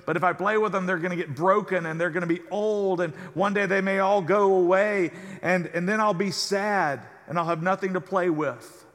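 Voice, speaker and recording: A preacher doing a small boy's voice, pitched high and stammering in a childlike rush. The voice carries a long, echoing church reverb. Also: fairly even intonation, moderate pace, hardly any pauses, fairly bright tone. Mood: fretful. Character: small fretful little boy, then gleeful.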